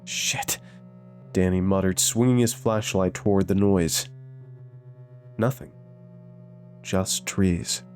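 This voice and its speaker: Slow, low-voiced male horror narrator. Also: steady tone, a little mellow, soft background music. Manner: measured, suspenseful delivery. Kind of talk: scripted horror story narration.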